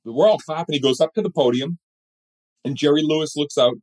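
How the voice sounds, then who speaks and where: A middle-aged man, a guest in a storytelling interview chat, speaks in a slightly high voice at a fairly quick pace. He tells his stories with energy, acting out the voices of the people in them.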